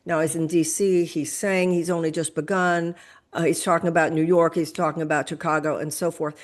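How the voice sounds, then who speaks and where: Older woman guest, low voice, emphatic, builds arguments with examples. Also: flat delivery, a little fast. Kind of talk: impassioned political talk.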